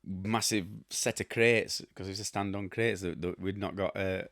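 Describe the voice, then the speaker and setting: A low-pitched Yorkshire man in his fifties chats casually to camera, wandering from story to story with blunt asides and chuckles. His voice sounds close and dry, with no room around it. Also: steady tone, moderate pace, a bit bright, no room sound. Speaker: host.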